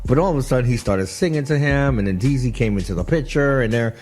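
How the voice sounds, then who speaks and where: A man hosting a radio talk show, commenting on clips in an animated, chatty way with frequent laughs and restarts. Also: mid-range voice, fast talker, faint music behind. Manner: animated, laughing, repeats himself. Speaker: radio host.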